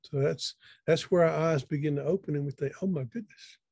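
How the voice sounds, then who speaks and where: A man's voice: fairly high pitch, level tone, brisk, gravelly, darkish tone, husky, no echo. A middle-aged man, telling a story in a folksy, conversational way over a video call, often repeating words as he thinks. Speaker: speaker. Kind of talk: storytelling talk.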